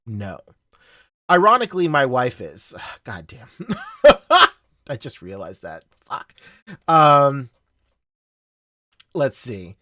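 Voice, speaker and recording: A Filipino man in his thirties whose first language is Tagalog hosts a casual livestream, speaking with a Southern US accent. His medium-pitched voice swings widely in pitch, moving slowly with long pauses and a bright, forceful tone. He rambles, laughs often and swears freely, and the dry recording has clean studio sound.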